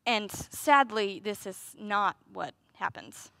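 A woman's voice: mid-range voice, expressive, takes it slowly, creaky, pushed and bright, no echo. A woman preaching a sermon in a conversational way, with rhetorical questions and playful asides.

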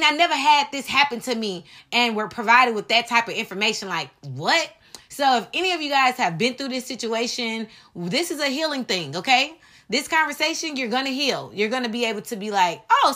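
A woman hosting a podcast, telling a personal story in an animated, dramatic way and speaking straight to her listeners. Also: on the high side. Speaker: podcast host.

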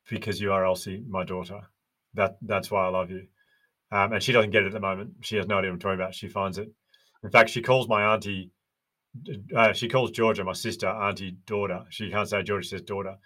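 Australian man, podcast guest, earnest storyteller, lowish voice. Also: pushed and bright. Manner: earnest, storytelling with quoted dialogue. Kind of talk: casual chat.

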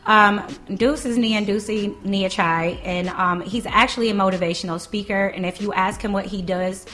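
A woman's voice: medium pitch, moderate pace, a little hiss or hum. A woman co-hosting a podcast in casual, joking chat. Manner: joking, animated. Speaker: co-host.

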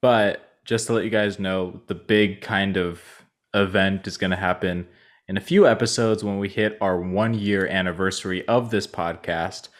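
A man co-hosts a casual podcast and talks in a relaxed, easygoing way. His voice sits a little lower than most men's. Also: normal speed. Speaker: podcast co-host. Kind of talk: casual chat.

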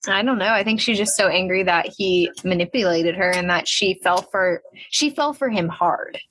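A woman's voice: lowish voice, normal speed, a bit bright, husky. A young woman co-hosting a podcast, chatting casually and animatedly about a reality show, laughing often and saying "like" a lot. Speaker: podcast co-host.

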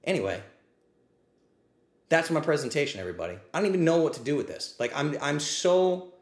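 A man with a fairly high voice, animated and brisk, hosts a livestreamed AMA from an echoey room. Answering questions live, the podcast host goes on a blunt, profane, passionate rant, admitting he's getting heated.

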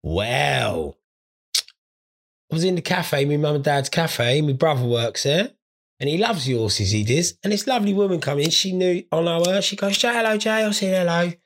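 Gravelly, husky podcaster. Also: male voice, fairly high pitch, expressive, moderate pace. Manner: crude, sweary, rambling storyteller. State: stoned. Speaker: podcast host. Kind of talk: casual comedic monologue.

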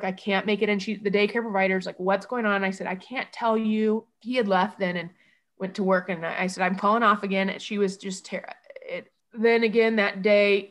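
A woman from Iowa recounting a personal ordeal as a mother, in a halting, emotional way with many false starts. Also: medium pitch, a bit bright. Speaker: mother telling her own story.

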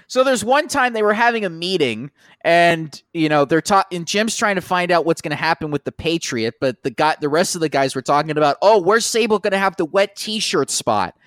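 Man, high voice, dry close sound, profane ranting, podcast banter. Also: expressive, brisk, fairly bright tone, dry recording. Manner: ranting, profane, mimics people in quotes. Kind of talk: casual profane chat.

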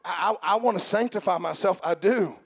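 A high-pitched man delivers a sermon straight to his congregation. He swings from slow, shouted emphasis to quiet, joking asides. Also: slightly rough. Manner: addresses the congregation directly with humor. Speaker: preacher.

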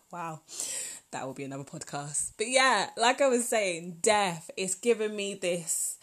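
A woman, hosting a solo podcast in a chatty, rambling, heartfelt way. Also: fairly low pitch. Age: 20s. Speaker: podcast host. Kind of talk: casual solo podcast talk.

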